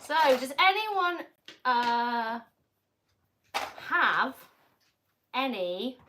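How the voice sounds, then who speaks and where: A woman's voice: a little high, very animated, drawn-out words, noisy background. A woman hosting a livestream in casual chat, playful and joking, often laughing. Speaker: livestream host.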